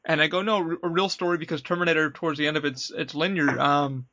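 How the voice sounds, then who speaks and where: The podcast host, a former attraction worker, keeps things casual, spinning stories and animatedly voicing the quotes. He talks at a quick pace with a fairly high pitch, and the recording cuts off the highs.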